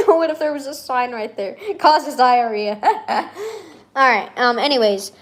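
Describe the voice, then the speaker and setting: A woman's voice: high voice, lively intonation, slow. A young woman venting in a casual vlog, rambling and sarcastic, laughing often between her remarks. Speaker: vlogger.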